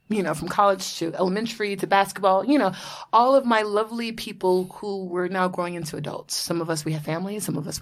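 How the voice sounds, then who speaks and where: A woman in her thirties from Florida, hosting a casual podcast chat, bubbly and laughing often, swearing freely. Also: on the low side. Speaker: podcast host.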